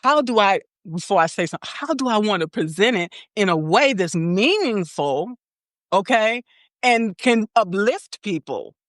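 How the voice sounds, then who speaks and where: A woman's voice: medium pitch, expressive, moderate pace, dry recording, clean studio sound. A woman hosting a podcast interview in casual chat, checking in with her guest with a frequent "okay?" as she explains. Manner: peppers talk with "okay?". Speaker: podcast host.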